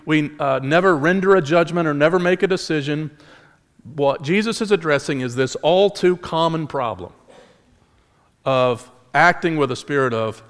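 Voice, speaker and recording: A man's voice: a little high, normal speed, in a large hall. A male pastor delivering a sermon in an earnest style, asking rhetorical questions and restarting phrases as he goes.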